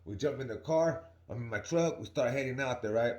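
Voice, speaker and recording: A man's voice: medium pitch, fairly quick, a little mellow, reverberant. A young man telling a story casually to his viewers in a slangy, rambling way, often asking "right?". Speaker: vlogger.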